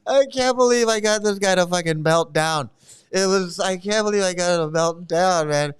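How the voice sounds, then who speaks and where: A man's voice: high voice, normal speed, clear, resonant tone. A man hosting a stream, giving angry, mocking commentary full of profanity. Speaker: host. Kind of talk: ranting commentary on a replayed stream.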